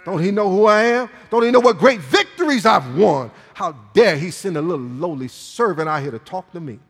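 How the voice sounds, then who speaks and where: A man voicing a proud, indignant male army commander who rants in quick, offended bursts. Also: high-pitched, expressive, voice pushed down. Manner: affronted, ranting, rapid bursts. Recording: long reverb in a large hall.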